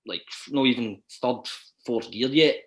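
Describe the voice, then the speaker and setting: A man's voice: medium pitch, unhurried, roomy sound. A Scottish man, a podcast guest, chatting casually about his acting work, hesitant with lots of ums and restarts. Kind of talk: casual chat.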